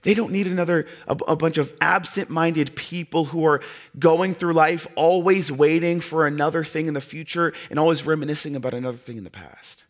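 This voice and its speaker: A man preaching a sermon in an earnest way, with dramatic pauses and soft drops in his voice. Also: fairly high pitch.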